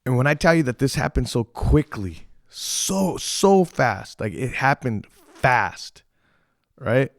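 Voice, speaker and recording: A young man tells a story on his podcast in a loose, rambling way, swearing freely and acting out what people said. His pitch sits in the middle for a man, and the sound is dry with no room echo. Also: takes it slowly, vocal fry. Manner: rambling, profane, animated retelling with quoted voices. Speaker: podcast host. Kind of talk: casual storytelling.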